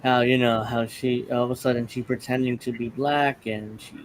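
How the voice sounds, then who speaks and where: Male host from the Northeastern US, casual political commentary, sardonic and rambling, medium pitch, light background hiss. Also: flat delivery, moderate pace. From Northeastern United States. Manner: mocking, chatty, many restarts.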